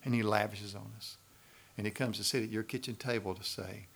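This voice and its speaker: A man's voice: on the low side, steady tone, fairly quick, vocal fry, fairly bright tone, husky. A man with a Southern US accent preaching a sermon in a conversational, pleading way, often asking the audience questions. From Macon, Georgia, US South. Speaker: pastor.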